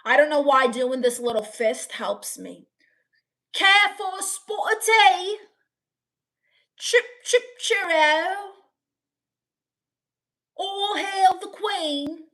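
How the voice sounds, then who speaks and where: A woman's voice: on the high side, moderate pace, gravelly, few pauses, a bit bright, recorded from a distance. A woman putting on an exaggerated, sing-song British accent as a chipper cartoonish everyman, lips pursed. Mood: chirpy. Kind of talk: comic impression on a live stream.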